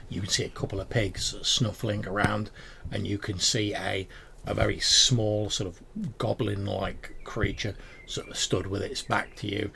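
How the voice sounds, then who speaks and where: A man running a tabletop game, his low voice gravelly and rough at the edges. He narrates in a relaxed, halting way, with a faint hiss under the recording. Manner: relaxed, hesitant, many fillers. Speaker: game master.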